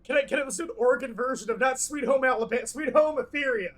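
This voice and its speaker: A man chats through a tabletop game, swearing freely and stammering over his words. His voice sits notably high for a man. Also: racing, a bit bright. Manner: swears a lot, stammers, laughs. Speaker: player. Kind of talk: casual tabletop game chat.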